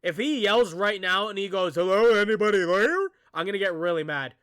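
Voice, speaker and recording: A man giving a casual reaction commentary as a streamer, excitable and rambling, talking straight to his viewers. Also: sits high, fairly quick, clean tone.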